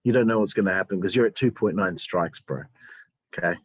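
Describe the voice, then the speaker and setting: A man's voice: low-pitched, a little fast, breathy edge, no echo. Teasing man co-hosting a casual review. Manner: teasing, animated banter. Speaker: podcast co-host. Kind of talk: casual wrestling review chat.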